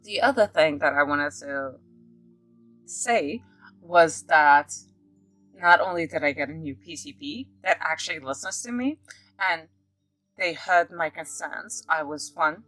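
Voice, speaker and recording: A woman from Africa talking casually to camera in a rambling vlog, breaking into sudden excited outbursts. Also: low-pitched, measured pace, dry recording, faint music behind, poor audio. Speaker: vlogger.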